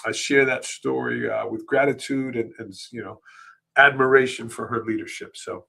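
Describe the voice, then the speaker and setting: A middle-aged man, hosting a live podcast and telling a personal story, emotional and halting, with many fillers and restarts. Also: medium pitch, fairly even intonation, gravelly, sharp tone. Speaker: podcast host.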